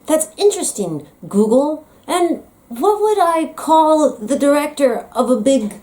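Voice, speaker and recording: An American woman vlogging in a comic, teasing monologue. Her voice sits a bit high and swings widely in pitch. She plays up every point with dramatic flair. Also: lively intonation, measured pace, darkish tone. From United States. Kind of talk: comedic vlog monologue.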